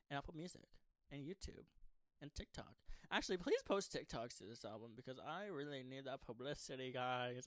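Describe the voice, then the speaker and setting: A man's voice: mid-range voice, lively intonation, normal speed, fairly bright tone, dry recording. Swearing, rambling young man on a close dry mic. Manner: rambling, heavy swearing, sarcastic asides. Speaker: pop singer-songwriter promoting an album. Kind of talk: casual unscripted monologue to fans.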